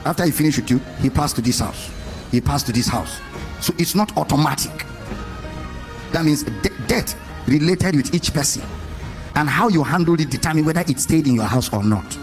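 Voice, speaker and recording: A man's voice: fairly high pitch, lively intonation, normal speed, faint music behind. A man preaching a sermon, questioning his congregation and stressing points in a sing-song way. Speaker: pastor.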